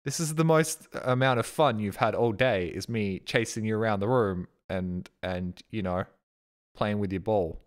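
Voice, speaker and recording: A lowish-voiced Australian man talks at a normal speed while hosting a live stream, chatting loosely and casually with his viewers. He rambles, jokes, and swears freely as he reads chat messages and thanks subscribers.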